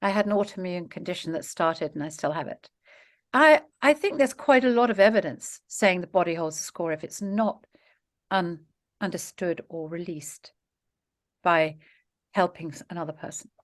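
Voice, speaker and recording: A woman's voice: lowish voice, expressive, normal speed. A middle-aged woman being interviewed, talking in long run-on stretches and laughing often. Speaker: interview guest, author and mediator. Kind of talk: conversational interview.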